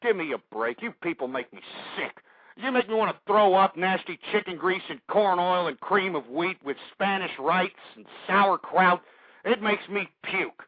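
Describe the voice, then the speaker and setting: A man's voice: high-pitched, animated, normal speed, dry recording. A man hosting a call-in talk radio show, ranting abrasively and insulting his callers. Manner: abrasive, insulting, swearing rants. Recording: dull lo-fi internet radio.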